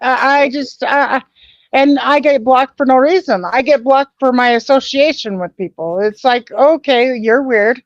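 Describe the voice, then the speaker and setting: A woman's voice: sits high, normal speed, dry recording. A woman hosting a casual online voice chat, swearing freely, stumbling over restarts and laughing things off. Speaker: host. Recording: dull lo-fi sound.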